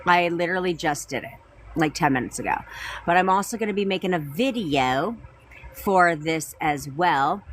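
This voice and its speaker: A woman's voice: on the low side, expressive, moderate pace, slight background noise. A woman coaching viewers on a live stream, chatting casually, answering them by name and repeating her points.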